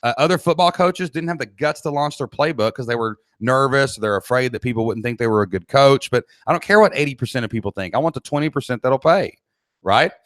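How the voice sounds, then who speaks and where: A man's voice: mid-range voice, fast talker, dry recording, studio quality. A middle-aged man with a Southern American accent, coaching an online business class on a live stream, blunt and pushy, reading out chat questions and urging his viewers to get moving. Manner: blunt, pushy, energetic pep talk. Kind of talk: live-streamed training session. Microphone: cheap desk mic at laptop.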